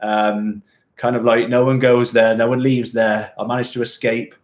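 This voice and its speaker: A man with a West Country accent, a Gloucestershire twang with a hint of Welsh, chats casually on a live stream from a chilly home gym shed. He talks in a jokey, rambling way, laughing often as he reads out and answers viewers' comments. His voice sits at an ordinary middle pitch. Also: level tone, normal speed. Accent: West Country Gloucestershire twang with a touch of Welsh. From England, born in Hereford. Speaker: fitness channel host.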